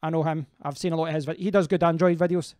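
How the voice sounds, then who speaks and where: A man's voice: on the high side, fairly even intonation, fast, dark tone, no room sound, studio quality. A man hosting a casual live stream, rambling as he answers viewers' comments and often restarting his sentences.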